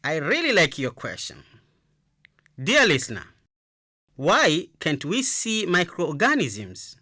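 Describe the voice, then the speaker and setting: A woman teaching a radio lesson for children, slowly leading the listeners to repeat phrases after her. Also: sits low, wildly swooping pitch, pushed and bright, studio quality. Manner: slow, encouraging, repeats phrases for listeners to echo.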